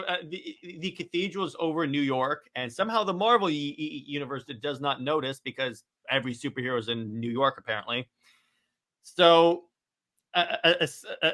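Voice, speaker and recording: A man's voice: on the high side, sharp tone. A man co-hosting a casual comic book podcast, rambling with frequent restarts as he reads out panel dialogue. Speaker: podcast co-host.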